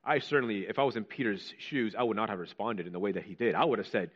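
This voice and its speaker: A man preaching a sermon, building up to fervent rhetorical questions and dropping to hushed quotations. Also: lowish voice, fast, hardly any pauses, highs cut off.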